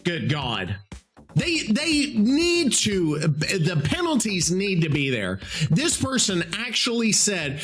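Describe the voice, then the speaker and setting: A man runs his podcast alone, ranting with exasperation and frequent swearing. His voice sits high and swings widely in pitch as he vents. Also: huge pitch swings, slow, fairly bright tone, soft background music. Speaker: podcast host. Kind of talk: solo podcast rant.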